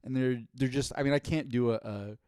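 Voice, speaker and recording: A man co-hosting a podcast in casual chat, playful and quick to riff on jokes. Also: mid-range voice, dark tone, smooth, no room sound. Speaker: podcast co-host.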